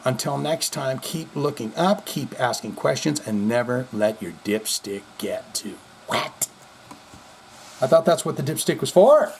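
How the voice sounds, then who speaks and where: A man hosts a casual vlog with a fairly high-pitched voice. He rambles and jokes in a loose, profane, goofy way. His delivery is offhand and unscripted. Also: darkish tone, slight background noise. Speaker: host.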